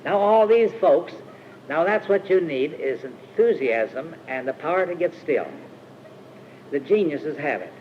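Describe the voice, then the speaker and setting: An older man from Iowa, USA, with a fairly high voice delivers a loose, rambling storytelling sermon at a Christian retreat camp meeting, halting with many uh's and restarting his sentences. The old archive recording sounds dull and muffled, with faint hiss behind him.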